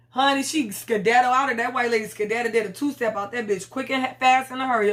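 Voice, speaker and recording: A woman's voice: on the high side, fairly even intonation, fast talker, few pauses, a bit bright. A young woman casually recapping a TV episode in a chatty, slangy way, often acting out the characters' lines. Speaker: TV episode reviewer.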